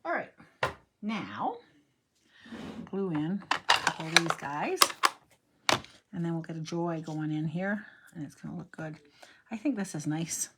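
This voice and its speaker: In a very noisy recording, a middle-aged woman hosts a casual crafting demo, chatting, rambling and talking to herself as she works. She speaks in a low, animated voice, a little slowly, pausing often.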